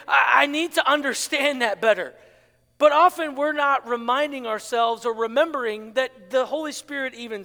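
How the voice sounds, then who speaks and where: A man preaching as a pastor, animated, acting out inner voices and asking the congregation to answer back. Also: very high voice. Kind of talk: sermon. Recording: long hall reverb.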